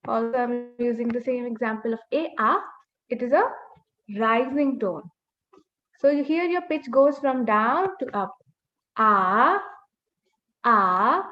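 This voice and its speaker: High-voiced teacher, muffled webinar. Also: female voice. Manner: patient, repeats key points, models sounds. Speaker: Mandarin teacher. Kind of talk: online language lesson. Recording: slightly muffled webinar audio.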